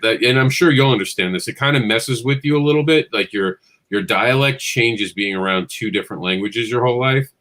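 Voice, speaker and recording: A middle-aged man from Queens chats as a guest on a comics stream. His voice is low-pitched yet bright, and he tells stories in an easy, self-mocking way. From Queens, New York. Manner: friendly storyteller, self-deprecating. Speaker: guest comics writer and publisher. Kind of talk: casual interview chat.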